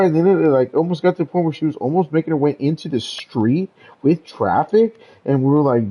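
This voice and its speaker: A man's voice: medium pitch, lively intonation, moderate pace, highs cut off. A young man telling a story in casual chat, rambling and profane, with lots of stammered restarts. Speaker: podcast host telling a story.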